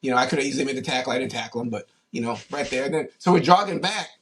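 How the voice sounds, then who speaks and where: Racing through his animated stories, a fifties-aged ex-pro footballer chats casually in an interview, often using fillers and starting over. He speaks at a medium pitch, and background noise is audible.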